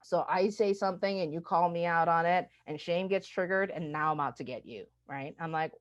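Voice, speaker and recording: A woman giving a lecture-style talk on handling shame, animated, with frequent "like" and "right?" asides. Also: lowish voice, normal speed, few pauses. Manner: animated, acts out quoted reactions. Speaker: speaker on microaggressions.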